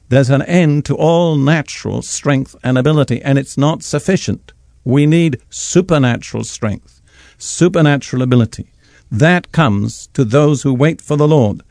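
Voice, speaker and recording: A man preaching a radio sermon, reading scripture slowly and with measured emphasis. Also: medium pitch, darkish tone, no room sound, clean studio sound.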